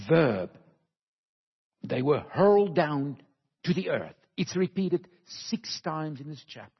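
A man preaching a sermon slowly and emphatically, with dramatic pauses, recorded in a church hall. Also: a little high, breathy edge. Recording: dull, lo-fi recording with long hall reverb.

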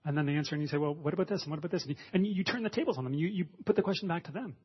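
Husky man preaching a casual sermon. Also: on the high side, racing, dull audio. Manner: conversational, with frequent restarts and fillers.

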